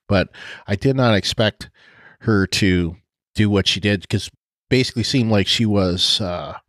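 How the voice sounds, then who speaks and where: A man's voice: on the low side, no echo, clean studio sound. A man co-hosting a podcast, chatting casually, laughing often and trailing off with fillers. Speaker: podcast co-host.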